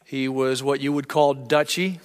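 A man's voice: mid-range voice, steady tone, moderate pace, clean tone, in a large hall. A man preaching a sermon, telling stories earnestly and acting out the voices of people in them. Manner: earnest storytelling, acts out voices. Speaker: pastor.

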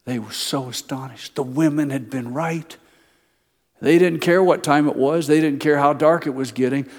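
A man preaching a sermon, retelling a story, swinging between loud emphasis and soft, slow asides. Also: a little high. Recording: long hall reverb.

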